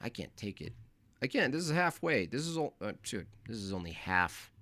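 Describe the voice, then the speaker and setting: A man's voice: mid-range voice, big pitch swings, normal speed, sharp tone. A man hosting a casual livestream, reacting to videos and reading viewer messages in an exasperated, rambling, slangy manner. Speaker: streamer reviewing videos.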